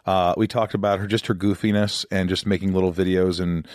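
A man's voice: deep voice, fairly quick, dry recording, studio quality. A middle-aged American man hosting a podcast, chatting casually and joking at his own expense. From United States. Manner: joking, self-deprecating, animated. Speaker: podcast host. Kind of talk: casual interview chat.

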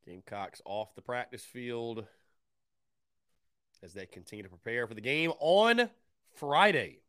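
A man's voice: medium pitch, animated, a little slow, fairly bright tone, clear, resonant tone, no room sound, studio quality. A man hosting a call-in sports talk show, upbeat and fond of repeating phrases for emphasis. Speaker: sports radio show host.

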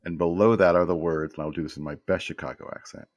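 A man in his fifties with a deep, low voice tells stories as an interview guest. He rambles, restarts and repeats words, and he sounds close and dry, with no room around him. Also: steady tone, quick pace, dry recording. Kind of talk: casual storytelling in an interview.

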